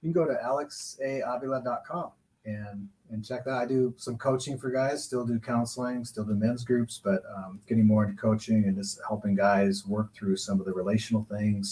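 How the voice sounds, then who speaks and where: A man speaking as a guest counselor, explaining relationship advice in a measured, reflective way. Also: lowish voice, warm tone, low-quality recording. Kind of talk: calm advice-giving talk.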